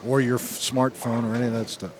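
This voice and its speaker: A man's voice: mid-range voice, level tone, quick pace. Male bowling commentator, chatty and jokey, noisy alley broadcast. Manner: chatty, jokey, laughs often. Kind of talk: casual play-by-play commentary. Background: bowling alley noise.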